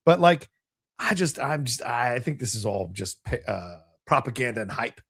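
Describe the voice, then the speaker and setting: A man's voice: medium pitch, expressive, moderate pace, fairly bright tone, husky. A man co-hosting a casual movie chat, skeptical and blunt, with frequent exclamations. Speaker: co-host.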